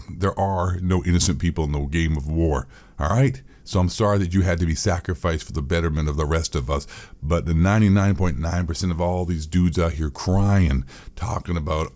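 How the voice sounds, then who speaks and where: A man's voice: low-pitched, a little mellow. A man giving a profane, mocking, rambling rant as a gaming commentator. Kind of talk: ranting commentary.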